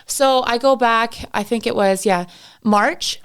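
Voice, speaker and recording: A woman's voice: a little high, a little slow, a bit bright, clean tone. A woman guesting on a podcast in casual chat, telling stories full of fillers and acted-out quotes. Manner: chatty storyteller, acts out quotes, many fillers like "like".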